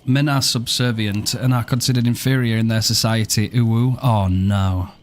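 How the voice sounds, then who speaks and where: A man's voice: medium pitch, fairly even intonation, normal speed. A man live-streaming a game, chatting casually and playfully, joking and thanking viewers by name, with casual swearing.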